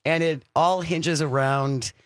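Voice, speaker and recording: Talk radio host guy, bit high voice, chatty, slows down reading the phone number, dry close mic. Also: fairly even intonation, dry recording. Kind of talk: casual call-in radio chat.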